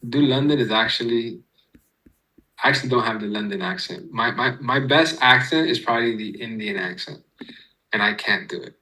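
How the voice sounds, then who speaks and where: A man's voice: mid-range voice, normal speed, bright, forceful tone, rough recording. A man streaming live, talking a chat through chart setups and trade entries, swearing freely and calling out viewers. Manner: explains chart setups step by step. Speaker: trading streamer.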